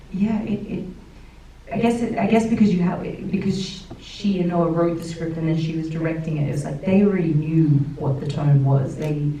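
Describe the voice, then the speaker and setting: A woman with a deep, low voice talks chattily, stumbling through fillers and restarts as she tells stories from set. She sounds distant from the microphone in a roomy screening hall. A faint hum of noise sits underneath. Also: dark tone. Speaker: actress on a panel. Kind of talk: panel Q&A chat. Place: screening room with audience.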